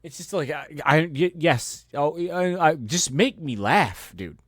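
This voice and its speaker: A man's voice: fairly high pitch, animated, slow, dry recording, studio quality. A man hosting his own podcast, ranting casually with heavy swearing and an exasperated delivery, often stumbling and repeating words as he goes. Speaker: podcast host. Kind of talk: casual profane rant.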